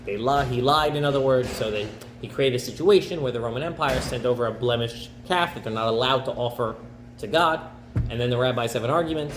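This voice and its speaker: A man's voice: medium pitch, quick pace. Man, rabbi, casual storytelling lesson, slangy, echoey room, faint hum. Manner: chatty, slangy, asks okay.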